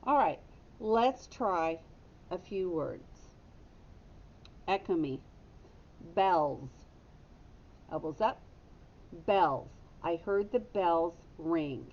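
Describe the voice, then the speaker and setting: A woman's voice: lively intonation, takes it slowly, long pauses, a little mellow. A woman teacher giving a patient phonics lesson to young children, stopping to correct her own slips. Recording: dull lo-fi audio with faint rumble.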